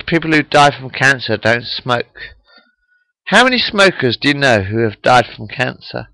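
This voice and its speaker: A man in his forties speaks slowly into a webcam at home, shaken and upset. He rambles, repeats himself and keeps putting questions to the viewer. The sound is dry and close. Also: mid-range voice, sing-song, bright, forceful tone, no room sound, rough recording. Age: 40s. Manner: slow, repetitive, asks the viewer questions. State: upset and shocked. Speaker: webcam vlogger. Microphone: webcam microphone.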